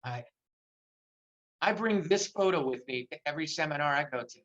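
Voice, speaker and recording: A man's voice: a little high, lively intonation, normal speed, fairly bright tone, muffled recording. An older man giving an impassioned motivational talk in a virtual seminar, repeating phrases for emphasis. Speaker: motivational speaker. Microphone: video call.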